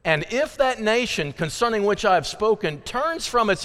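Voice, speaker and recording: A man preaching a sermon as pastor, reading scripture dramatically, swinging between loud pleading and hushed emphasis. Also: high voice, very animated, moderate pace, hardly any pauses, long reverb tail.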